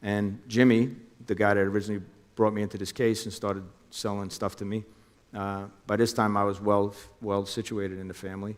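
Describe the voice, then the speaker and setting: Middle-aged man, low voice, animated storyteller who acts out quotes, interview guest. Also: a little fast, in a large hall. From New Jersey. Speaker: former undercover officer.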